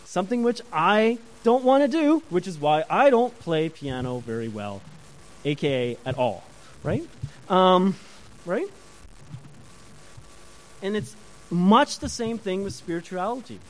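A man preaching a sermon to a congregation, animated, often asking the listeners questions and chatting with them. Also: sits high, unhurried, pauses often, rough recording. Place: church before a congregation.

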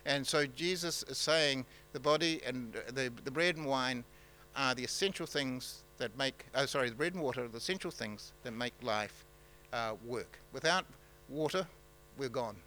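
A man preaching a sermon in a halting, conversational way, with many fillers and restarts. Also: mid-range voice, pushed and bright, slight background noise, poor audio. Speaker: pastor.

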